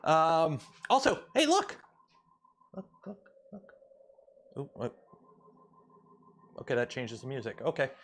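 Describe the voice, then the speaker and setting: A man's voice: medium pitch, expressive, measured pace, vocal fry, pauses often, fairly bright tone, a little hiss or hum. A man from Canada hosting a casual livestream, rambling and joking with lots of fillers while he builds. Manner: rambling and jokey, with many fillers and restarts. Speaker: livestream host.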